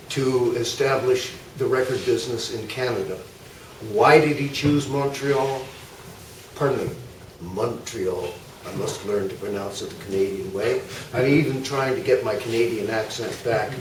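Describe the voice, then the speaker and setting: An older man gives a rambling, anecdote-filled history talk to a club audience, slowly and with plenty of fillers. His voice sits at an ordinary pitch and comes from a distance in an echoey hall. Faint room noise hangs behind him. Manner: chatty, anecdotal, many uh fillers and asides. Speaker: guest speaker.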